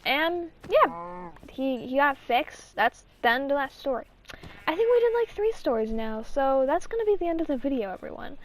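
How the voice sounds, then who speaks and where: A woman's voice: high-pitched, sing-song, normal speed. A woman hosting her own channel, telling stories in a rambling, casual way with restarts and acted-out quotes. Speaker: channel host. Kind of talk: casual storytime chat.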